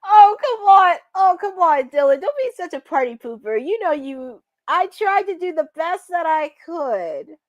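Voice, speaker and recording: Lively, chatty woman host. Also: extremely high pitch, measured pace, hardly any pauses, no room sound. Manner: chatty, excitable, laughs often. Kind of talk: live wrestling watch-along commentary.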